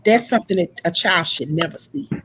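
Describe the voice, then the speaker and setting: A woman in a casual panel discussion, telling stories in an animated way and acting out the people she quotes. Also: on the low side, a little fast, a little hiss or hum, low-quality recording. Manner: animated storyteller, acts out quoted voices. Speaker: panel guest.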